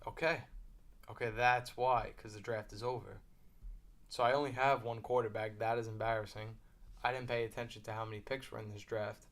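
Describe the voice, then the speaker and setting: A man hosting casual fantasy football commentary, thinking aloud with fillers and quick asides while drafting at his computer. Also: medium pitch, steady tone. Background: mouse clicking.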